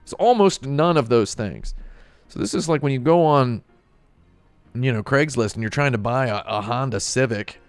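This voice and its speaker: A man streaming, telling a sardonic story as a casual comedic rant, deadpan, with bursts of mock outrage. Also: medium pitch, moderate pace, clear, resonant tone, dry recording, faint music behind.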